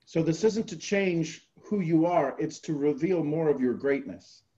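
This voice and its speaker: A man leads a group call with earnest motivational coaching, coming back again and again to his key phrases. His voice sits a little high, and the recording sounds dull and lo-fi. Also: measured pace, warm tone.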